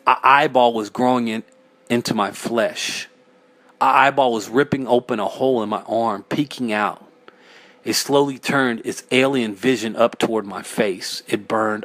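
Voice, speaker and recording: A man reading his own first-person horror story aloud, frantic, sometimes breaking into yells. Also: mid-range voice, steady tone, measured pace, no room sound.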